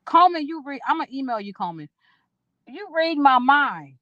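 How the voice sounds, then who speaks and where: A woman's voice: high-pitched, very animated, normal speed, fairly bright tone, no echo. Middle-aged woman vlogger, rambling and emotional, casual with swearing, talking into a phone outdoors, dry dull audio. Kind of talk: casual livestream chat. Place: outdoors at a park.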